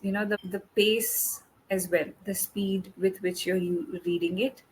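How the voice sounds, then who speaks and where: A woman English tutor giving a one-on-one lesson, explaining grammar patiently and slowing down for her examples. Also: mid-range voice, steady tone, a little mellow, slight background noise, low-quality recording.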